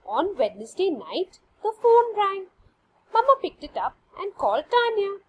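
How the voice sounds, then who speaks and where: Animated woman reading a children's story. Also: very high-pitched, measured pace, poor audio. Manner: expressive, animated read-aloud.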